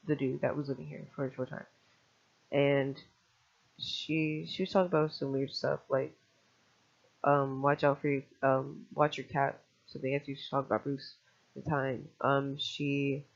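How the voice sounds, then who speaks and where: A man with a somewhat high, gravelly voice rambles through a personal testimony, jumping between thoughts and swearing casually. The recording is dull and lo-fi. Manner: fast, scattered retelling with restarts and casual swearing.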